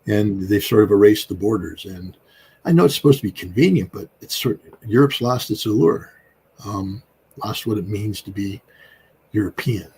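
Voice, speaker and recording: A middle-aged American man talks through political commentary in a rambling, emphatic way, full of fillers and restarts. His voice sits a little low, and faint noise hums behind him. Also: animated, normal speed, darkish tone. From United States. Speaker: guest commentator.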